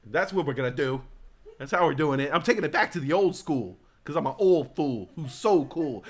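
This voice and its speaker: A man hosting a live talk stream, chatting casually in a rambling, excitable, profane way. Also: a little high, moderate pace. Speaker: talk show host. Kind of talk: casual chat.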